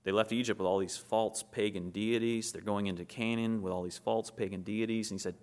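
A man's voice: fairly low pitch, steady tone, brisk, few pauses, a little mellow. Man preaching, questioning his listeners. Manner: asks the audience questions and answers them; acts out short scenes in quoted voices. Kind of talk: sermon.

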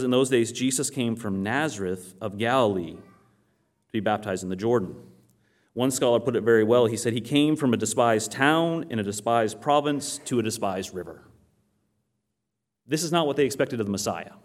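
A man from Maine with a northern Maine accent, preaching a sermon and telling stories, often asking the audience questions. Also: medium pitch. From Maine, USA. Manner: storytelling, acts out quoted voices, asks the audience questions. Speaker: pastor.

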